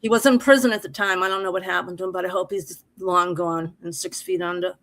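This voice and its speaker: Bright-voiced woman from Massachusetts. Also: lowish voice, steady tone, fast talker, poor audio. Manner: emphatic, heartfelt, rambling with restarts. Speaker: caller on an open mic stream. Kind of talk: personal storytelling.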